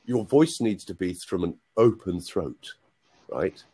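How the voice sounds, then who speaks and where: A man's voice: low voice, animated, takes it slowly, dark tone, breathy edge. A man working as a voice coach on a video call. He has a cold and coughs, and he explains patiently, often checking with "right?".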